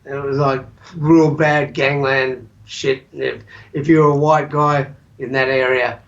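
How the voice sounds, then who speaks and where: An Australian musician, a guest on a podcast, telling stories in a slow, halting way with many pauses. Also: male voice, medium pitch, little pitch movement, highs cut off. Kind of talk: casual chat.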